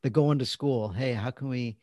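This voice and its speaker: A man's voice: mid-range voice, moderate pace, no room sound. Coach guy talking casually on a podcast, dry close sound, easygoing. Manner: relaxed, conversational, laughs between stories. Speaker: parenting coach and author, guest. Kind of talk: casual interview chat.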